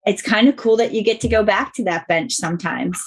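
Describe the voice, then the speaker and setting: A woman hosts a podcast interview in a conversational, affirming way. She reflects back what her guest says before asking long, winding questions. Her voice sits at a middle pitch. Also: fairly quick, husky, rough recording. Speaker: podcast host.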